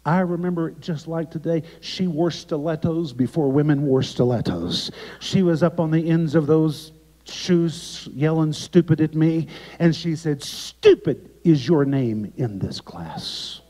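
A man appears as a guest preacher over video, telling a sermon story with flair; his voice sits a little high with fairly even intonation and an unhurried pace. He delivers dramatic, emphatic lines, then drops sharply into hushed ones. The remote video recording sounds echoey, dull and lo-fi.

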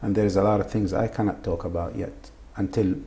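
Man, Arabic native speaker, gravelly, dark mellow tone, halting repeats, faint noise behind. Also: fairly low pitch, steady tone. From Saudi Arabia. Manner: halting, repeats words often. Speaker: interviewee. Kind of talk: emotional interview testimony.

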